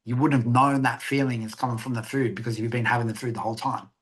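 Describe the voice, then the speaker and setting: A man's voice: mid-range voice, steady tone, quick pace, fairly bright tone. A man with an Australian accent, a guest on a podcast, chatting casually, swearing freely and acting out conversations as he tells stories. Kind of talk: casual interview chat.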